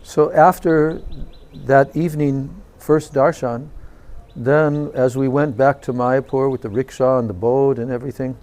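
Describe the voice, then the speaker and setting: Slow-spoken man giving a devotional talk. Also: medium pitch, fairly even intonation, darkish tone. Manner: slow, reverent, unhurried recounting. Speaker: swami giving a spiritual talk. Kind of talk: devotional storytelling lecture.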